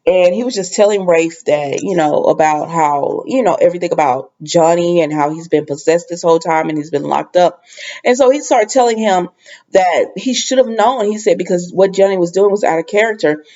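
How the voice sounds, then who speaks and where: A woman's voice: fairly low pitch, normal speed, warm tone, dull audio. A woman casually recapping a soap opera episode, rambling with lots of fillers and asides.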